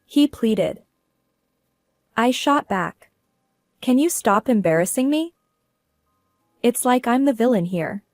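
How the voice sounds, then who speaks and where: A woman's voice: a little high, lively intonation, takes it slowly, pauses often, darkish tone, no room sound. A woman narrating a first-person drama story in a cool, businesslike manner.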